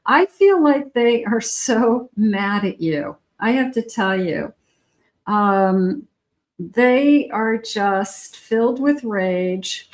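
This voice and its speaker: A woman's voice: mid-range voice, expressive, very slow. A woman giving a collective tarot reading, talking chattily and directly to the viewer. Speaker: tarot reader.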